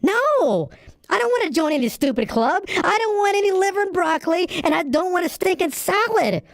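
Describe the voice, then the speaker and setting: A man's voice: very high-pitched, expressive, moderate pace, dry recording, clean studio sound. A performer voicing an impatient young man who is trying to order a pizza and gets more exasperated with each question. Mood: angry. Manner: exasperated, keeps getting cut off. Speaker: customer.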